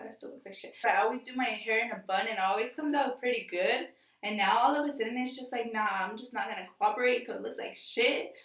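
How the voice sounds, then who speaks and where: Excitable high bright young woman. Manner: excitable, slangy, rambling with many fillers. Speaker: vlogger. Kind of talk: casual storytime vlog. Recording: echoey room, distant mic.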